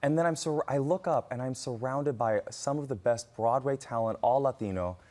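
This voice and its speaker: A man's voice: mid-range voice, normal speed. A man, an actor guest, animatedly telling stories in a morning TV studio interview, laughing often. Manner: animated, expressive storyteller who laughs often.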